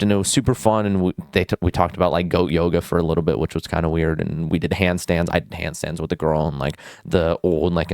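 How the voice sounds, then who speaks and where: A man's voice: low voice, darkish tone, no echo. A young man giving casual self-improvement advice, blunt and crude, full of "like" and jumping between tangents. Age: young adult.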